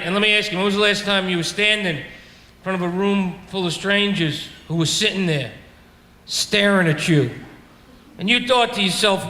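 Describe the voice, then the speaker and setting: A brash comic with a New York accent works a brewery stage for a live crowd, swearing and mocking himself throughout his set. His high-pitched voice has a sharp tone and moves at normal speed, with echoing room sound and laughter from the audience.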